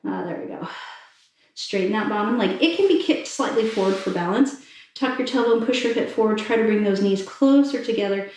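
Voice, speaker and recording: A woman fitness instructor calmly talking listeners through a stretching cool-down while doing it herself. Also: mid-range voice, a little fast. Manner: calm, encouraging cues while demonstrating stretches. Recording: very echoey room, mic far off.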